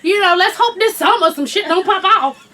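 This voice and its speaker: A woman hosting a frank casual chat, telling blunt, profane stories with loud outbursts and hushed asides. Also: very high voice, moderate pace, recorded from a distance, crowd noise. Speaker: host.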